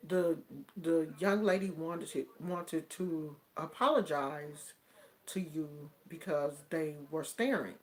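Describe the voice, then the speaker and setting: A woman from the United States telling a personal story on her vlog in a casual, colloquial way. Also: deep voice. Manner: slow, drawn-out and colloquial, with many fillers.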